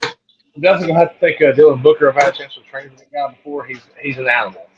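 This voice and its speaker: A man on a panel giving his picks in casual chat, quick and direct. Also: on the high side. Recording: dull lo-fi sound.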